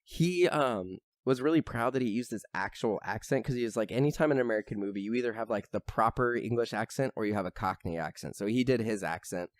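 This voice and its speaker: A young man talks casually on a podcast with a lowish voice, rambling through fillers and the odd curse. He gets heated as he goes. The sound is close and dry, with no room around it. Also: fast, few pauses, no room sound. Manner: rambling, full of fillers and swearing, gets worked up. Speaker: podcast host. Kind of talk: casual chat.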